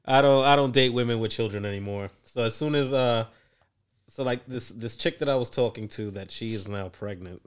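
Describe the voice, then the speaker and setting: A man's voice: medium pitch, brisk, clear, resonant tone. Guy cohost on a podcast, blunt, laughs a lot. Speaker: podcast co-host. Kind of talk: casual chat.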